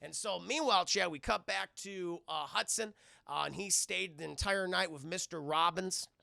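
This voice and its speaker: A man with a high, gravelly voice recaps an animated episode for his live chat. His tone is bright and loose, full of profanity and asides to the viewers. The sound is close and dry. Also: normal speed, no echo. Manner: profane, keeps addressing chat, retells scenes in voices. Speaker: cartoon reviewer streaming to chat.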